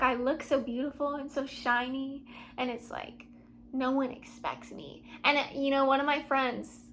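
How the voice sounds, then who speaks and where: A young woman talking to camera from her home in a dreamy, soul-searching confessional, swinging from hushed asides to excited outbursts. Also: high-pitched. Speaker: vlogger. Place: at home, seated.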